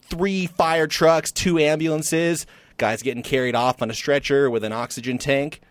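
A man co-hosting a casual podcast chat, telling a story in an animated, self-deprecating way. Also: on the high side, normal speed, dry recording. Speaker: podcast co-host.

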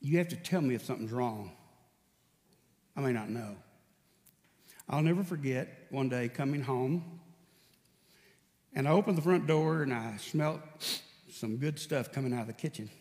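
A male pastor with a medium-pitched, slightly mellow voice preaches at a moderate pace, leaving long pauses that hang in the large church hall. His sermon is built on storytelling, and he acts out exchanges with a raised voice.

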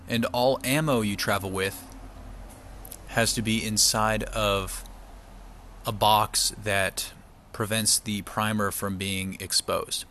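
A man vlogging while he eats, telling a story to camera in a chatty, relaxed way and acting out the people he quotes. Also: fairly low pitch, takes it slowly, a little hiss or hum.

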